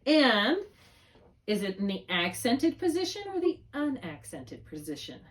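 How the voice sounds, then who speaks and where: A woman's voice: mid-range voice, sing-song, a little slow. A middle-aged woman tutoring a student in spelling, patient and encouraging, drawing out syllables to model them. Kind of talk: one-on-one spelling lesson.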